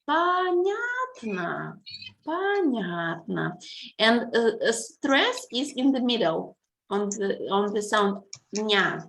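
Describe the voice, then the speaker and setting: Slow, patient Russian-accented woman teacher. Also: mid-range voice, a bit bright, rough recording. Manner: slow, patient, hesitant with many fillers. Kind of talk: online language lesson. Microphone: video call.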